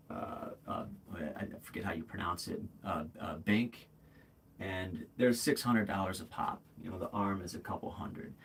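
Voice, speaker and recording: A man's voice: deep voice, slight background noise. A man in his forties hosting a livestream, talking candidly in a rambling way, with many fillers and restarts, calling viewers bro and man. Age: 40s. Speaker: livestream host. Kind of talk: casual livestream chat.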